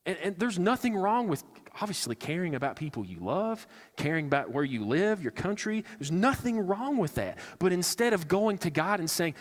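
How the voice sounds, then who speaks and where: A man's voice: high voice, big pitch swings, moderate pace, in a large hall. A man preaching a sermon as a pastor, talking in a casual way and acting out quoted lines with sarcasm. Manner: conversational, acts out quotes with sarcasm. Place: church sanctuary.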